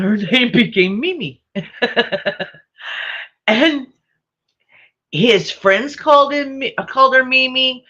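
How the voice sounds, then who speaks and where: Slow, bright-voiced woman telling stories. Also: on the low side, muffled recording. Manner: rambling, repeats phrases, chuckles often. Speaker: vlogger. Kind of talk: casual storytelling.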